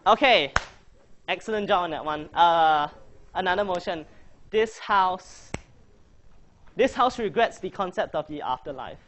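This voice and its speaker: A man's voice: high-pitched, lively intonation, a little slow, long pauses, a bit bright, a little hiss or hum. A man coaching a debating workshop, chatty and joking as he quizzes his audience. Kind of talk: casual workshop presentation.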